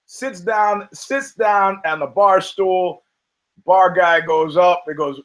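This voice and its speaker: A man's voice: high voice, slow pace, a bit bright, rough recording. Rambling, profane male podcast host. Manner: rambling, profane, self-mocking jokes. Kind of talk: casual comedic commentary on combat sports.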